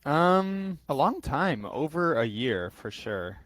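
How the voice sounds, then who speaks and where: A man's voice: on the high side, sing-song, slow, a bit bright, rough recording. A young American man, an English tutor, answering questions casually over a video call and thinking aloud with many fillers. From United States. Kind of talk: casual interview.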